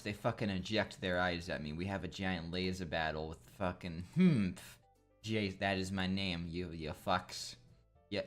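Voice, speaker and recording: Deep-voiced crude rambling young man. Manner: crude, rambling, jokey, swears a lot. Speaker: gameplay commentator. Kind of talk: casual gameplay commentary.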